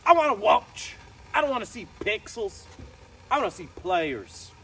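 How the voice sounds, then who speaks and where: Very high-pitched man ranting outdoors. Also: big pitch swings, normal speed, fairly bright tone. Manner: exaggerated, mock-outraged ranting. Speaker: show host in an outdoor bit. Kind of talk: comic rant to camera. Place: outdoors at a grill. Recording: distant mic, outdoor noise.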